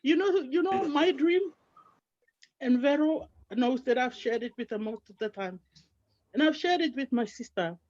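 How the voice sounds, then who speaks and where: Png lady, middle-aged, high voice, heartfelt testimony on an online call, dry close sound. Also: expressive, normal speed, a little mellow, no echo, muffled recording. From Papua New Guinea. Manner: heartfelt and earnest, fervently religious. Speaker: team member sharing her story.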